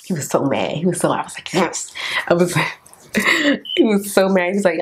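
A young woman vlogger telling a candid storytime about her dating life in a casual, animated way, acting out both sides of the conversation. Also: medium pitch, moderate pace, long pauses, husky. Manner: candid and animated, quotes others in raised voice. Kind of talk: storytime vlog, casual chat.

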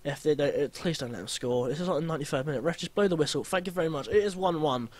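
A young man giving lively, blunt gameplay commentary, grumbling and swearing at his team. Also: on the high side, racing, dry recording.

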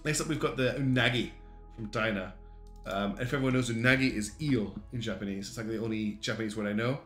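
A man's voice: medium pitch, fast, fairly bright tone. A man giving casual livestream commentary, chatty and thinking aloud with lots of ums and restarts. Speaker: streamer reviewing community game designs. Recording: roomy echo with faint guitar music behind.

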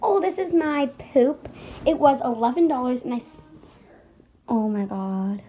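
A woman hosting a casual vlog skit, bubbly and gushing with excitement. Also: sits high, unhurried, slight background noise, low-quality recording. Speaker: vlogger and skit host.

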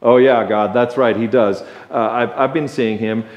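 A preacher doing a defiant Lucifer. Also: male voice, mid-range voice, fairly even intonation, normal speed, highs cut off, pitched below the performer's own voice, close to an everyday voice. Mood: wheedling. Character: boastful male Lucifer, defiant fallen angel. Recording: echoey church sanctuary.

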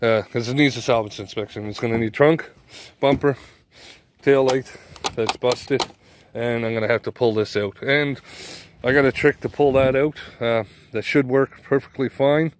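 A man's voice: medium pitch, steady tone, moderate pace. A middle-aged man vlogging casually outdoors, rambling with lots of fillers and calling his viewers folks. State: out of breath. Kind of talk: casual vlog narration. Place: outdoors in snow. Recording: faint outdoor noise. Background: outdoor ambience, vehicle noise.

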